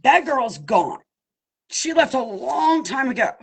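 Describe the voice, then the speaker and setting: A woman's voice: high voice, sing-song, slow, gravelly, husky, low-quality recording. A woman giving impassioned personal testimony as an abuse survivor, emphatic and pleading, calling her listeners y'all. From Pennsylvania.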